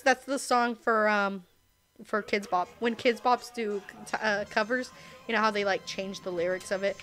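A tipsy young woman streaming a game, rambling and swearing with giggles and sudden loud outbursts. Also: mid-range voice, steady tone, moderate pace, soft background music. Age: young adult. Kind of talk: casual gaming stream chat.

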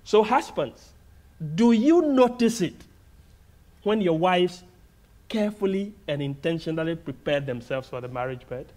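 Slow earnest Ghanaian-accented preacher man. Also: high-pitched, animated, darkish tone. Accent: Ghanaian English. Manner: slow, deliberate, earnest preaching with long pauses. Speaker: guest preacher. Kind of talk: sermon. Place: church sanctuary.

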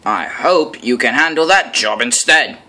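A man voicing a stout, stern male railway boss who scolds and booms in a storybook reading. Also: lively intonation, unhurried, pushed and bright, full character voice. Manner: scolding, booming.

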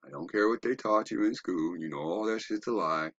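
A man's voice: fairly low pitch, a little fast, fairly bright tone, breathy edge, no room sound, muffled recording. A man giving a rambling, profane, preachy commentary while browsing web pages, asking rhetorical questions. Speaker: online commentator.

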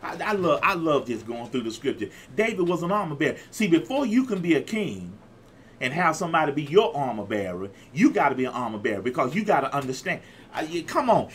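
A man's voice: fairly high pitch, a little hiss or hum. A man in his fifties preaching a sermon as pastor, exuberant and repetitive, calling out to his listeners. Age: 50s. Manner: exuberant, call-and-response preaching with repeated phrases.

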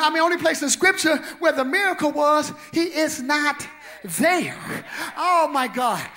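A man pastor preaching an Easter sermon live in a church on a handheld mic, exuberant and shouting, laughing and trading call-and-response with the congregation. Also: very high-pitched, expressive, measured pace. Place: church sanctuary. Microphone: handheld microphone.

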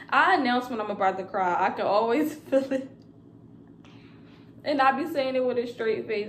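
A woman's voice: fairly high pitch, animated, normal speed, pauses often, echoey room, a little hiss or hum. A young woman vlogging casually to camera about new motherhood, rambling with lots of fillers. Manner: chatty and rambling, with many fillers.

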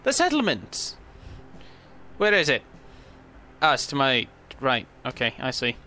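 A man's voice: mid-range voice, animated, moderate pace, bright, forceful tone, slight background noise. A young man giving casual, rambling gameplay commentary, stammering and swearing freely as he plays. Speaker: gaming video host.

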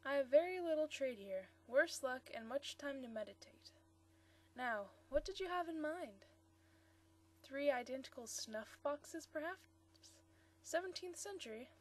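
A woman reading the lines of a mellow, friendly elderly male antique dealer, in a high voice. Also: animated, unhurried. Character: mellow elderly male shop proprietor, courteous.

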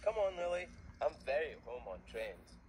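A man's voice: on the high side, very animated, normal speed, slight background noise. A man voicing an easygoing young male conductor in a fan dub, casual, slangy and given to sighs. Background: music.

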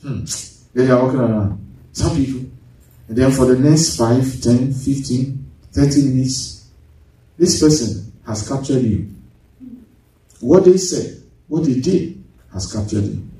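A man's voice: mid-range voice, measured pace, long pauses, warm tone. A man preaching a sermon as pastor, asking the congregation rhetorical questions and drawing responses. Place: church sanctuary. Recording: echoey church hall, from far off.

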